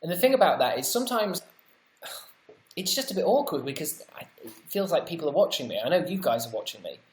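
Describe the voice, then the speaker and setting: A British man hosting a casual livestream, reading viewer comments out loud and answering them with chatty, wry, self-deprecating asides. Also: on the high side, very animated, brisk, roomy sound. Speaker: livestream host.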